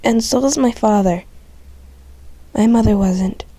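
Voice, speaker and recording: A woman's voice: a little high, measured pace, dark tone, no room sound. A woman voicing a young she-cat who talks hesitantly and stammers as she apologizes. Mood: unsure.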